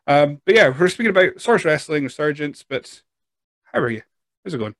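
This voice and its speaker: A man's voice: a little high, sing-song, fairly quick, fairly bright tone, a little hiss or hum. A man hosting a podcast in a casual, rambling, self-deprecating way. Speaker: podcast host. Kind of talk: casual chat.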